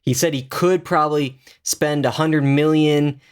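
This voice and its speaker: A man's voice: a little high, steady tone, a little slow, clean tone. A man co-hosting a podcast, chatting casually and enthusiastically about a TV episode, with many fillers and restarts. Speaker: podcast co-host. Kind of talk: casual TV review chat.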